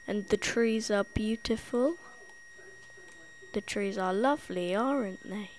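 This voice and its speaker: A woman's voice: medium pitch, takes it slowly, darkish tone. Lisping woman, jumpy game commentary. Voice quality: lisp. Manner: jumpy, easily spooked, giggly. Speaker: gameplay tutorial host. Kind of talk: playful gameplay commentary.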